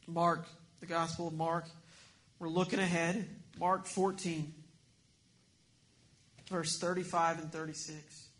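A man preaching a sermon, earnest, swinging between emphatic points and hushed lines. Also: fairly high pitch, level tone, slow pace, long pauses. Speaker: pastor.

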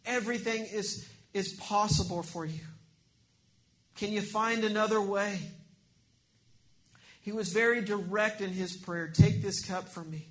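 A male pastor delivers a sermon with a notably high voice. He preaches earnestly, pressing some points hard and letting others fall to a hushed tone. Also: fairly even intonation, a little slow, long pauses. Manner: earnest preaching, swings between emphatic and hushed.

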